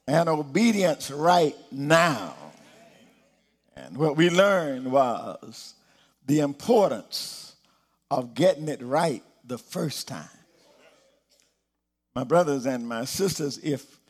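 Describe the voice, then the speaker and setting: Slow, emphatic male preacher. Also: husky. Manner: slow, with soft low passages and rising emphatic peaks. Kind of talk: sermon.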